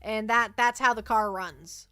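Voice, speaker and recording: A woman streaming as a VTuber, chatting casually in a rambling, animated way and reacting to her chat. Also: fairly high pitch, unhurried, dry recording, faint music behind. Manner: rambling, animated storytelling, reads chat aloud.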